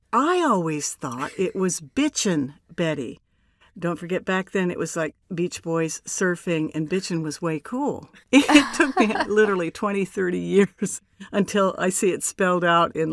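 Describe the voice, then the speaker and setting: Measured older woman, dry close sound. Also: lowish voice, expressive, gravelly, dry recording. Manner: measured, deliberate, with emphatic pauses. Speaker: voice actor, interview guest. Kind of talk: relaxed interview storytelling.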